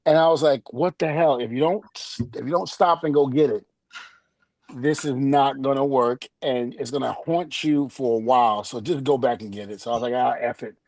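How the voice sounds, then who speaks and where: A man's voice: medium pitch, normal speed, no echo. A middle-aged man, a podcast guest, telling a story in casual chat and acting out each quoted line with laughter. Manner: animated, acts out quoted dialogue with laughs.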